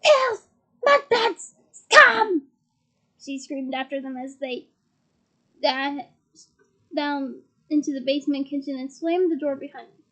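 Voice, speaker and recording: A woman's voice: sits high, little pitch movement, normal speed, pauses often, darkish tone, low-quality recording. A woman reading a fantasy novel aloud, narrating steadily and with expression. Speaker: reader.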